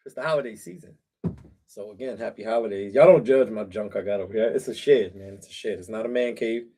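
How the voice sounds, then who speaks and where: A man's voice: lowish voice, fast talker, warm tone, husky. A middle-aged man chatting casually on a livestream from a cold backyard shed, talking straight to his viewers with slang and fillers. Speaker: livestream host.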